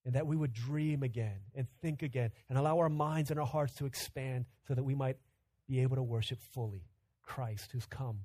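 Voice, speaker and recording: A man in his thirties preaching a sermon, telling stories conversationally and swinging from loud urgent bursts to hushed quiet. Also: medium pitch, husky, no room sound. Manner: storytelling, conversational. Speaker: pastor.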